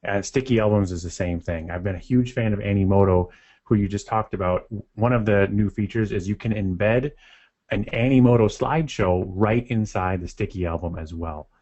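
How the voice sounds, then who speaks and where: A man with a fairly low voice explains things in an upbeat way. His audio comes through muffled and lo-fi, as if from a modest mic. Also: normal speed, darkish tone. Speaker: company representative, co-host. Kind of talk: webinar talk.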